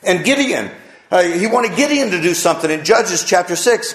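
A man's voice: high-pitched, lively intonation, normal speed, a bit bright. A male pastor preaching a sermon to his congregation, emphatic and full of rhetorical questions. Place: church sanctuary with congregation. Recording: echoey church sanctuary.

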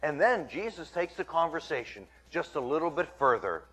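A man's voice: on the high side, sing-song, normal speed, bright, forceful tone, slightly rough. A man preaching a sermon, walking through scripture and dramatically acting out what the crowd is thinking. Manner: dramatic, acts out the crowd's voices.

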